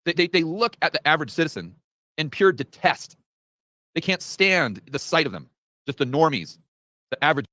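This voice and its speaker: A man's voice: on the high side, animated, moderate pace, sharp tone, no echo. A man commenting in a sarcastic, incredulous way in casual talk. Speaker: podcast guest.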